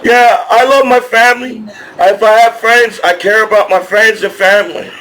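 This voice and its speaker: A high-voiced middle-aged man with a New Jersey accent rants in a rambling vlog, stumbling over his words and circling back on himself. A faint murmur of background noise sits under his voice. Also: fairly even intonation, moderate pace, bright, forceful tone, poor audio. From New Jersey, USA. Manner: aggrieved, repetitive, with frequent stammered restarts. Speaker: vlogger. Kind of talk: rambling monologue to camera.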